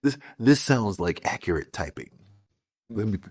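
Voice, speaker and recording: A very deep, husky man co-hosting a podcast. He is laid-back and drops quick quips into the chat. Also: very animated, a little mellow. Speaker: podcast co-host.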